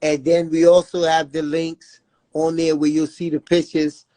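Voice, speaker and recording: A man's voice: a little high, little pitch movement, measured pace, warm tone, dry recording. Guy talking about his son in an interview, earnest, keeps saying you know what i'm saying, dry sound. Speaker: guest, father of a jailed son. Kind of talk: emotional interview talk.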